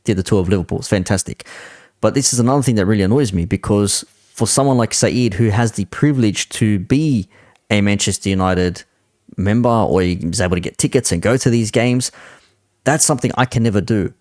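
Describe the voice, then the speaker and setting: A man's voice: fairly low pitch, a little fast, a little mellow, no echo, clean studio sound. A man hosting a reaction commentary, talking in an exasperated, casually swearing way. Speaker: commentary channel host.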